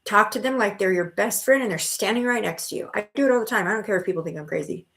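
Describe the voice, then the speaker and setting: A woman's voice: medium pitch, quick pace, a bit bright. A middle-aged woman hosting a live stream of spiritual readings, chatting casually and reassuring viewers with pet names like honey and sweetheart. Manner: chatty with frequent restarts and fillers.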